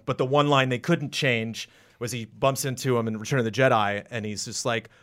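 A man in casual podcast chat, rambling and animated, acting out quotes with sudden jumps into a high voice. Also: fairly quick. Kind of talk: casual podcast chat about video games.

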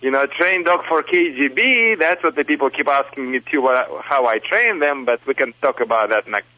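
A man's voice: medium pitch, moderate pace. A man with a Russian accent, a dog trainer calling in to a radio show, who jokes and laughs a lot. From Soviet Union. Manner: jokey and animated, laughs often. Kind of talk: phone-in radio banter. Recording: dull lo-fi phone line.

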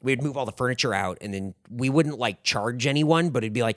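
On the low side and fast with few pauses, this man's voice is captured in a dry, clean studio recording. In his thirties, he co-hosts a podcast, telling stories casually and ramblingly, full of "like," with animated retellings and laughter.

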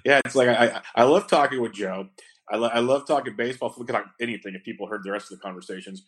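A man hosting a sports podcast in a relaxed, rambling, casual way. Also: mid-range voice. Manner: relaxed, quick, rambling talk. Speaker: podcast host. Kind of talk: casual chat.

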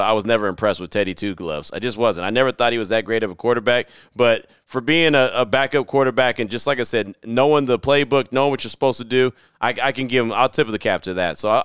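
A man co-hosting a casual sports chat in an animated, slangy, joking way. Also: mid-range voice, quick pace, few pauses, clear, resonant tone, dry recording, clean studio sound. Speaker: podcast co-host.

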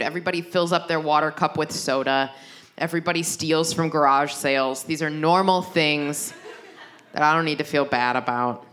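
A young woman with a bright, clear voice doing stand-up comedy. She rambles through self-deprecating bits and stumbles into quick restarts and asides. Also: sits low.

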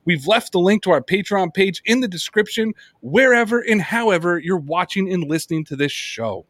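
Lively man hosting a casual podcast. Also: high-pitched, normal speed, no echo. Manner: animated storyteller, swears freely, acts out quotes. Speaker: podcast host. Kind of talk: casual chat.

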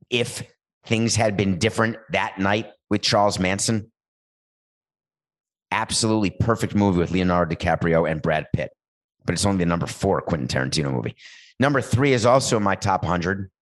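A man hosting a talk show, riffing playfully and rambling, with sudden jumps in pitch. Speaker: show host. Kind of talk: comedic talk-show monologue with ad read.

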